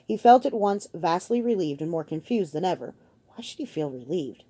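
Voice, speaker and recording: A woman reads a novel aloud in a steady, measured narration. Her voice is low and mellow. The recording is close and dry, with no room sound. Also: dry recording. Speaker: audiobook narrator. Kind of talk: audiobook reading.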